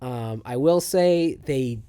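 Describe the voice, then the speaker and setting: A young man co-hosting a comedy podcast, telling a story in a casual, animated way and acting out both sides of the conversation. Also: medium pitch, slow, clear, resonant tone. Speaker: podcast co-host.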